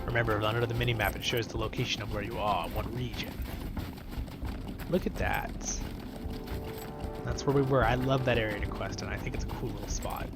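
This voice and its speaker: A man's voice: lowish voice, fairly even intonation, fairly quick, pauses often. A Scottish man hosting a casual let's-play, talking off the cuff and chattily over game music. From Scotland. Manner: chatty, off-the-cuff, self-deprecating. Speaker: host.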